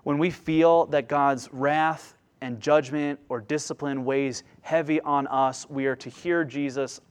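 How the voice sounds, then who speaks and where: A man preaching a sermon with passion, swelling loud on key phrases and dropping to a hushed, slow delivery. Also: on the high side, fairly even intonation, clean tone. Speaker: pastor.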